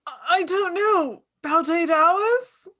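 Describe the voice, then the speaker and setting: A woman reading the part of a laid-back young man, speaking slowly and hesitantly in an amateur script reading. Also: on the high side, fairly bright tone. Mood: nervous. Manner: slow, hesitant, offhand.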